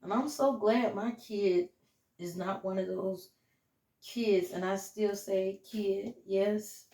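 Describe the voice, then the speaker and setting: A woman's voice: mid-range voice, steady tone, slow, warm tone, roomy sound. A middle-aged woman chatting casually with viewers while she cooks in her home kitchen, calling them "y'all". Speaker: home cooking vlogger. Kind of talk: casual chat while cooking.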